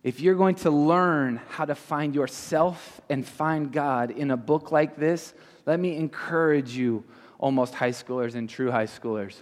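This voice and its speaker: A man leading a youth group as their pastor, teaching interactively and firing question after question at the audience. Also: a little high. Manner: asks the audience many quick questions. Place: large hall with an audience. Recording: reverberant hall.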